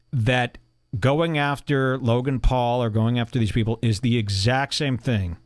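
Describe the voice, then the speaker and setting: A man's voice: mid-range voice, no room sound, studio quality. A man hosting a podcast, ranting casually with a mocking, profane edge. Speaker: podcast host.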